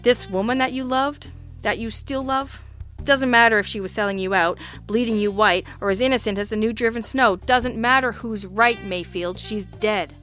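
A woman's voice: fairly high pitch, normal speed, fairly bright tone, faint music behind, natural voice. A woman voicing a grim, relentless investigator. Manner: dry, pushing, needling.

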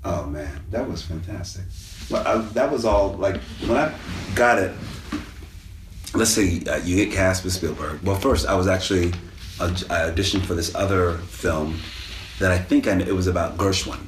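A man in casual interview chat, talking in a relaxed, rambling way with many restarts. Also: low-pitched, moderate pace. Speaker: guest actor. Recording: distant mic in echoey room, faint noise.

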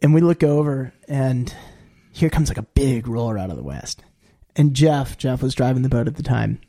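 A man as a podcast guest, telling a long story in a rambling, animated way, often saying "like" and jumping into high quoted voices. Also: normal speed. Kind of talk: casual storytelling.

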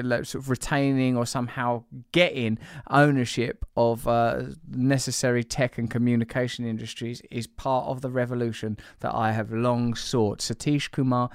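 A man's voice: medium pitch, smooth, no room sound, clean studio sound. A man hosting a podcast in loose, rambling chat, teasing his co-host and laughing often. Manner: playful, teasing, breaks into laughter.

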